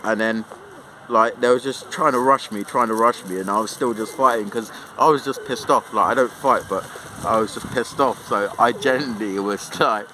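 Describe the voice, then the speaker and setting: A man's voice: fairly low pitch, moderate pace, pushed and bright, slight background noise. A young man telling a rambling, sweary storytime in a casual way, full of fillers.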